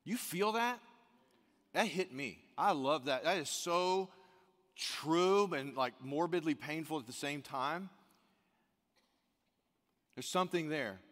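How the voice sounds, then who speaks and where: A man's voice: fairly high pitch, expressive, slow, long pauses, fairly bright tone. A man preaching a church sermon, earnest and repeating key phrases for emphasis. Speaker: pastor. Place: church service. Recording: long hall reverb.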